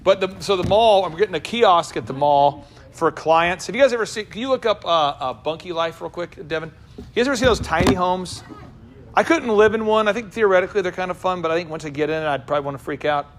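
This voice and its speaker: High-pitched animated man talking to a room. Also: a little hiss or hum. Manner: animated, jokey, quick asides to the room. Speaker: business coach and show host. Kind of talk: lively talk to a live room.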